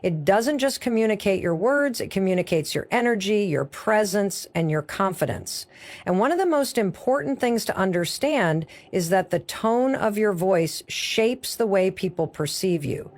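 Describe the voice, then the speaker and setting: A woman's voice: medium pitch, animated, normal speed, darkish tone. A woman delivering a motivational speech as a speaker, coaching the listener in short, emphatic, punchy phrases.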